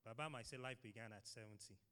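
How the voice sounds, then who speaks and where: A middle-aged man delivers a sermon in an easy, conversational way, acting out everyday excuses and often doubling his words as he goes. His voice sits at a middling pitch and carries a long reverb from a church hall. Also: fast, bright, forceful tone. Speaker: preacher.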